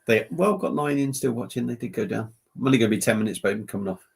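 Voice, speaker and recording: Rambling, jokey English bloke on a live stream. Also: male voice, medium pitch, fast, gravelly. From southern England. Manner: rambling, jokey, laughs often. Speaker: beer review channel host. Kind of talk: casual live-stream chat.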